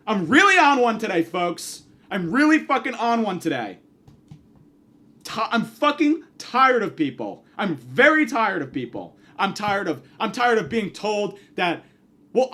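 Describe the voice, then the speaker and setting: A man's voice: high-pitched, pushed and bright. A man doing a comedic monologue, ranting angrily and profanely, acting out the people he quotes.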